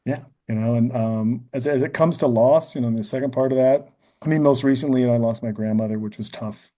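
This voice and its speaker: A man's voice: mid-range voice, fast talker, dark tone. A man as a podcast guest, talking earnestly and thinking aloud, often adding "you know" and "right?". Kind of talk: reflective podcast conversation.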